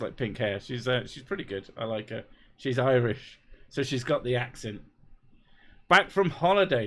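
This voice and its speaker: A man's voice: medium pitch, fairly bright tone. A man chatting casually on a live stream, reading out viewer messages; he is laid-back and sweary, and he laughs often. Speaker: YouTuber reading live chat.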